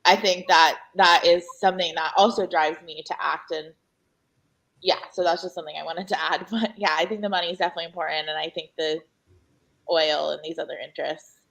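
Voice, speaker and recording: A woman's voice: lowish voice, fairly even intonation, brisk, vocal fry, a bit bright, poor audio. A woman panel guest on a radio talk show, speaking earnestly and thoughtfully, with frequent ums.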